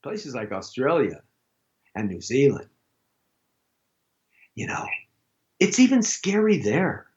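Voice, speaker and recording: A man hosting a live talk show, rambling through a jokey monologue with sudden loud outbursts. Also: mid-range voice, sing-song, slow, long pauses, highs cut off.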